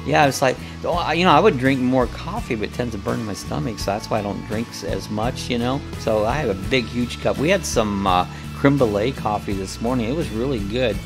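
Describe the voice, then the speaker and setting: Gravelly guy rambling on a live coffee chat stream, folksy and loose, lots of uh and restarts, guitar music going in the background. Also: mid-range voice, brisk, few pauses.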